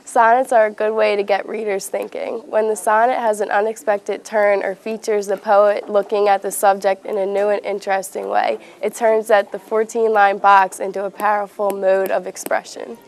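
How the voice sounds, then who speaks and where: A woman's voice: medium pitch, flat delivery, normal speed, hardly any pauses. A woman giving a plain classroom-style explanation.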